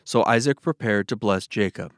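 Low-voiced man reading scripture. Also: normal speed, no room sound, studio quality. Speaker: Bible reader.

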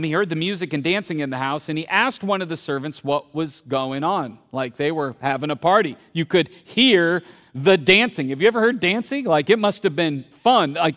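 A man preaching in a high, light voice, with a long reverb trailing every phrase in a large hall. He talks to his congregation like he's chatting with them and keeps asking them questions. He swings from loud bursts to hushed, near-quiet stretches. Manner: conversational, asks the audience questions. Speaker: pastor. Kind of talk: sermon.

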